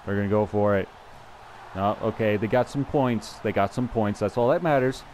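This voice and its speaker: A young man with a fairly low voice talks through his football video game as he plays. He is chatty and self-deprecating, thinks aloud and restarts his sentences, and a faint hum sits under his voice. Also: normal speed, a little mellow. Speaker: gameplay commentator. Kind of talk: casual live gameplay commentary.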